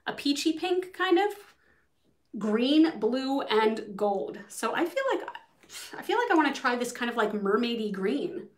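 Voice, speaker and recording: A young woman in early adulthood, a beauty vlogger, chats casually with her viewers while doing a makeup tutorial. She's bubbly, swears freely, and seems a little high.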